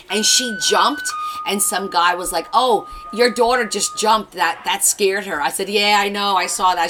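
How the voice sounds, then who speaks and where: A woman from a Portuguese family hosts a craft livestream, chatting casually and telling stories while she works and reading viewer comments aloud. Her voice is lowish and a bit bright. The low-quality recording has slight background noise.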